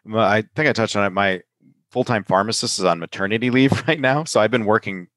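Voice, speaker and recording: A man with a fairly low voice chats loosely on his podcast, run down from a sinus infection and laughing as he goes. He keeps tagging his points with "right?". The recording is dry and close, with no room sound. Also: fairly quick, fairly bright tone, dry recording. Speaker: podcast host and pharmacist. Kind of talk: casual podcast chat.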